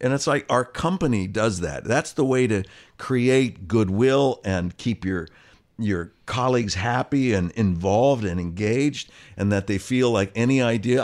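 A man in his sixties, an actor guest telling an animated anecdote and acting out other people's voices. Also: lowish voice, a little slow. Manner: animated storyteller, acts out quoted voices. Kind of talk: conversational anecdote.

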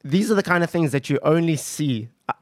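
Podcast host guy asking slow questions, dry close mic. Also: fairly high pitch, expressive, dry recording. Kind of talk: interview questions.

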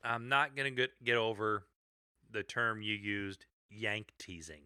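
A man's voice: on the low side, a little slow, sharp tone, clean tone, no room sound, studio quality. A middle-aged man from the Midwest co-hosting a podcast, chatting casually, giggly and full of asides. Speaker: podcast co-host. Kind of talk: casual chat.

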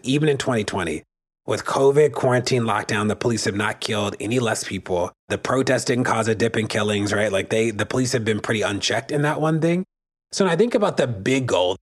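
Earnest low-voiced man making his point. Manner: earnest, emphatic, often adds "right?". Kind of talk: interview commentary.

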